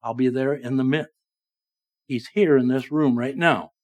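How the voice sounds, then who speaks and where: A man preaching a sermon in church, swinging between loud emphatic lines and soft, low ones. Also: steady tone, a little slow. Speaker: pastor. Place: church sanctuary.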